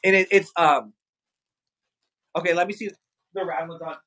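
A man hosting a live shopping stream with a bright, forward voice pitched a little high. He talks fast and excitably, hyping each product and calling out to his viewers. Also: a little hiss or hum, low-quality recording. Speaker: livestream shopping host. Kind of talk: live sales stream chat.

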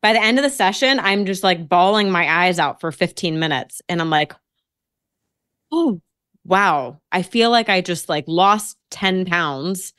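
Woman guest on a podcast, kinda low voice, lively storytelling, dry sound. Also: normal speed, few pauses, clean tone, no room sound. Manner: animated storytelling, acts out her own quotes. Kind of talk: casual podcast conversation.

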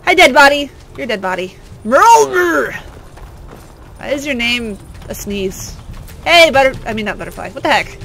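A woman hosting a let's play, giving silly, excitable gameplay commentary and bursting into yells. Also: a little high, fairly quick. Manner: excitable, silly, prone to sudden yelling.

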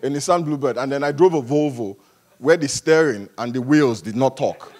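A male pastor preaching a sermon at a church service, animated and humorous, swinging between quiet asides and loud passages. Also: mid-range voice, normal speed, slight background noise.

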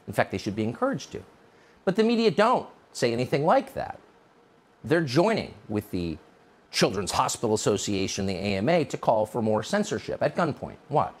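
Indignant male commentator with swooping pitch. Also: very animated, normal speed. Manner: mocking, indignant, sarcastic. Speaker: political commentator. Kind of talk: opinion monologue.

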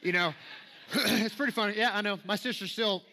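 Southern preacher, high bright voice, chatty and self-deprecating, builds to emphatic scripture reading. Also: male voice, moderate pace. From Alabama, US. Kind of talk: sermon. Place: church sanctuary.

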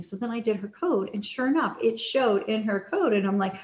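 A woman's voice: fairly high pitch, a little fast, few pauses, a little mellow. A woman sales coach talking in a casual teaching style, chatty, with many fillers and restarts. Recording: echoey room.

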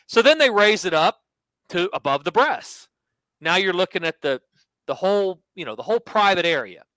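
A man hosting a sports podcast, telling a story in a casual, animated way and acting out quotes. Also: sits high, normal speed, no room sound, rough recording. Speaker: podcast host and sports handicapper.

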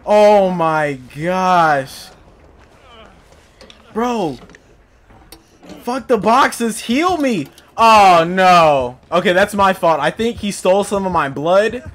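A man giving let's play commentary, panicky and talking to himself, yelping and shouting for help. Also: high voice, expressive, drawn-out words, long pauses. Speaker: gaming video creator.

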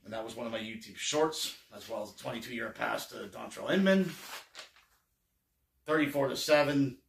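A man's voice: medium pitch, normal speed, vocal fry, roomy sound, distant mic. A man recapping a football game in a casual, wry and sarcastic way, rambling with fillers. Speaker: sports fan vlogger.

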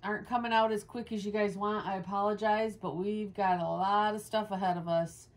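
Grooming her dog in a sunny room by the windows, a home vlog host rambles chattily to her channel and coos at the pup between asides. Her mid-range voice is brisk with a steady tone, recorded by a nearby camera.

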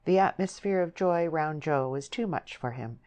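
A woman with a notably low, deep voice reads a novel aloud as an audiobook. Her delivery is measured and descriptive, lingering over scenery. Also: lively intonation, darkish tone. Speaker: audiobook narrator. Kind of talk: scripted narration.

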